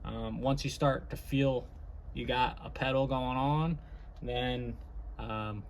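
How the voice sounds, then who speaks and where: A man's voice: medium pitch, steady tone, takes it slowly, a little hiss or hum. A man casually chatting through a car job in his home garage, rambling and explaining as he works. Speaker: car hobby vlogger. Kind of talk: casual garage how-to chat.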